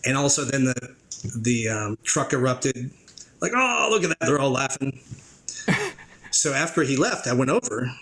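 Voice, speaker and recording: A man with a mid-range voice, a guest on a podcast, telling a work story in a casual way. He is an animated storyteller who acts out other people's reactions along the way. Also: mid-range voice, poor audio. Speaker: guest, drone operator.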